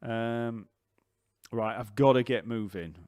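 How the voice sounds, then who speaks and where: A man teaching bass on a live stream, chatting loosely with many fillers and restarts, his voice going croaky. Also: fairly even intonation, takes it slowly, darkish tone, no room sound, studio quality.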